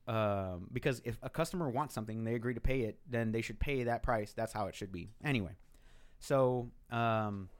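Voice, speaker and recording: A man in casual chat, telling a story in an animated way and swearing freely. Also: mid-range voice, normal speed.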